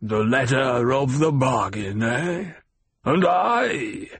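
A man reading an audiobook, voicing a cruel, scheming male baron villain with a slow, sneering delivery. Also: medium pitch, animated, vocal fry, slightly rough, no room sound, full character voice. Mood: mocking.

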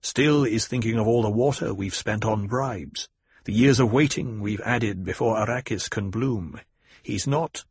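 A man voicing a young rebel leader who speaks firmly and commandingly, in a husky voice. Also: lowish voice, a little slow, darkish tone, dry recording. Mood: assured. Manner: firm, commanding. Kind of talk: audiobook character voice.

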